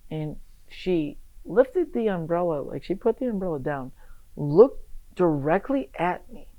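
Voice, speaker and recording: A young man from Michigan chatting on a podcast as a guest, swearing freely and telling animated stories that burst into loud shouts. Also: fairly high pitch, low-quality recording. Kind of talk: casual podcast chat.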